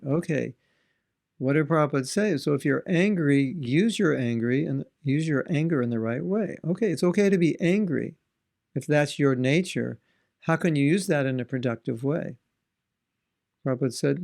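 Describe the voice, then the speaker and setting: A man's voice: fairly high pitch, lively intonation, normal speed, gravelly, darkish tone. A man giving a devotional talk in an earnest, conversational way, asking his listeners rhetorical questions. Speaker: spiritual teacher.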